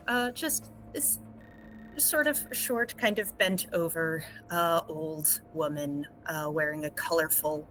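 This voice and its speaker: A woman's voice: low-pitched, bright, forceful tone, low-quality recording. A woman player describing her character in a tabletop game, hesitant with sighs and fillers.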